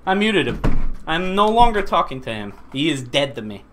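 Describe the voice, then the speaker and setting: Lively, swearing gamer man. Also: on the high side, normal speed, slight background noise. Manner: profane, agitated ranting. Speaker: streamer. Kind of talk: casual gaming chat.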